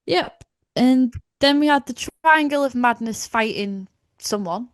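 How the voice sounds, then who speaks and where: Brief: young woman, animated casual co-host, dry close mic. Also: a little high, measured pace, no echo. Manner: animated, swearing, playful. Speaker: podcast co-host. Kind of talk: casual chat.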